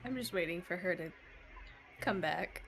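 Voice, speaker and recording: A woman's voice: fairly low pitch, lively intonation, moderate pace, vocal fry, a bit bright, roomy sound. A woman playing a tabletop game, chiding the others in a caring way. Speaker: player. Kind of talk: casual play of a tabletop game.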